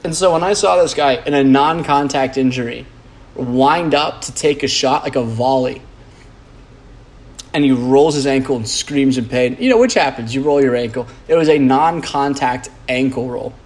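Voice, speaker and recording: A man talks through a loose, rambling podcast monologue. His delivery is blunt and profane, packed with fillers and false starts, and his pitch sits in the middle range. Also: moderate pace, darkish tone. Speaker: podcast host.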